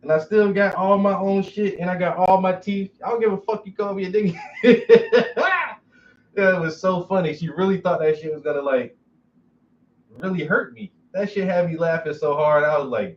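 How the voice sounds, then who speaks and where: A man's voice: high-pitched, moderate pace, a little hiss or hum. A man hosting a casual chat, talking bluntly and profanely and laughing often. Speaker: host. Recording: dull, muffled recording.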